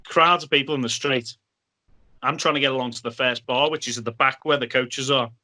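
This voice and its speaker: Bright-voiced man telling stories. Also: mid-range voice, brisk. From Liverpool, England. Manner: animated storyteller, acts out other people's lines. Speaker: podcast guest. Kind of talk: casual anecdote telling.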